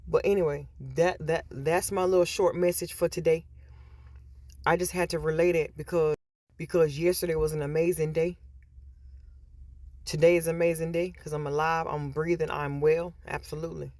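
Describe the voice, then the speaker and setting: A woman's voice: low-pitched, fairly even intonation, normal speed, darkish tone, no room sound. A woman vlogger talking casually to her viewers, chatty and repetitive, retelling stories with quoted voices. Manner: chatty, repeats words, storytelling with quoted voices. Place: in a store.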